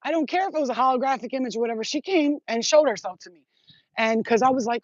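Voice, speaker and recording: A woman talking straight to her viewers in a rambling, excitable, profane monologue full of street slang. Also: a little high, fast talker, no echo, muffled recording. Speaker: spiritual vlogger.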